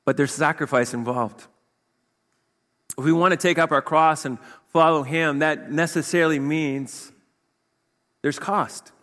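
A man preaches in a slightly high voice, talking to the congregation in a loose, conversational way. He keeps pressing them with rhetorical questions, and his words trail off into a long, echoing hall reverb. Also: fairly even intonation, unhurried, pauses often, a bit bright. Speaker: pastor. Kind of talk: sermon.

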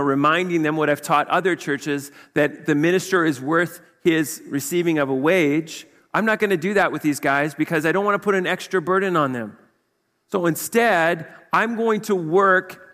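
Addressing his congregation loosely and conversationally, a pastor preaches a sermon in a slightly high, fairly bright voice. He repeatedly presses them with rhetorical questions, and his words fade into a long, echoing hall reverb.

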